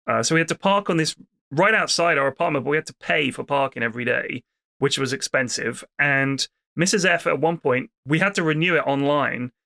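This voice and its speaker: A man's voice: on the high side, a little fast, gravelly, no echo, studio quality. A man from the UK co-hosting a podcast, telling holiday stories in casual chat, swearing freely and acting out the people he met. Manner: animated, swears freely, acts out people in anecdotes. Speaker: podcast co-host.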